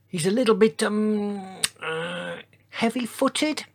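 A man's voice: high voice, takes it slowly, gravelly, pitched above the performer's own voice, exaggerated voice. A man voicing a kind, sensible mother iguanodon in a raised, motherly voice, reading a storybook aloud. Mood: kindly. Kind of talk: storybook voice acting.

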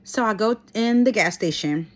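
A woman vlogger telling stories in a chatty, animated way, with lots of fillers and laughs. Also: medium pitch, moderate pace. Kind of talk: casual storytime chat.

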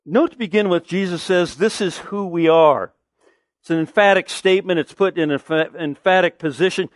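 A man's voice: high-pitched, normal speed, dry recording, studio quality. A man preaching a sermon as pastor, emphatic, asking the listeners questions and answering them.

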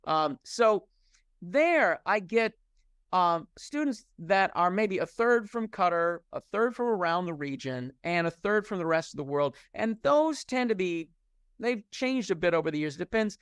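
A man's voice: high-pitched, lively intonation, unhurried, fairly bright tone, clean tone, no echo, clean studio sound. A middle-aged man from the United States, a professor answering interview questions in a discursive, candid way and often restarting his sentences.

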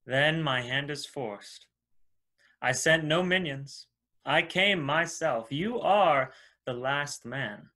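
A man's voice: on the high side, slow pace, pushed and bright, heavily acted. An actor playing a formal, persuasive male messiah and cult leader in an audio drama. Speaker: antagonist.

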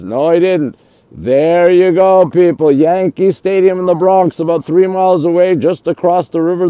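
A chatty man hosts a phone livestream and greets his viewers by name. His voice sits high but sounds mellow and smooth. The recording is dry and close. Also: dry recording, highs cut off. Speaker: livestream host. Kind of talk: live-streamed city tour chat.

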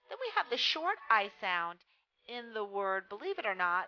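A woman teaching a phonics lesson, reading words slowly and stressing each one for young readers. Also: mid-range voice, sing-song. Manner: slow, careful, stresses each word. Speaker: reading tutor. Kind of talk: phonics lesson read aloud. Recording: dull lo-fi sound with faint music.

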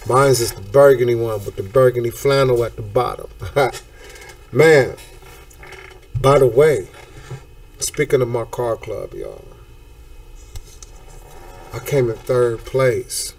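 A man hosting a casual talk show, talking in an animated, slangy way and throwing out hype catchphrases. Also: medium pitch, recorded from a distance.

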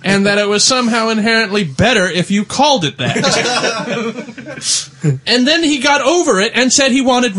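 A man's voice: very high-pitched, sharp tone. A man co-hosting a comedy show, telling a story while laughing through it. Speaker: comedy podcast co-host. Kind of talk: comic storytelling.

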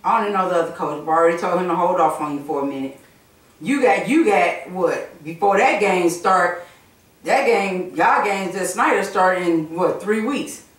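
A woman's voice: on the low side, normal speed. A stern mother lectures her son, firm and preachy, circling back over the same phrases. She sounds far from the mic. The room around her is very echoey. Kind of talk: prank skit, casual scolding.

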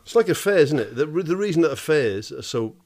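Sweary bloke, lively pitch. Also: male voice, a little fast. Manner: blunt, sweary, lots of laughing asides. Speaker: podcast co-host. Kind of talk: casual chat.

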